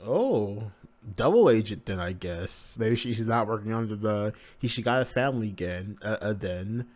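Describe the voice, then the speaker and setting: A man's voice: lowish voice, animated, normal speed, darkish tone. A man hosting a live manga reaction, narrating the pages casually and crudely with many fillers.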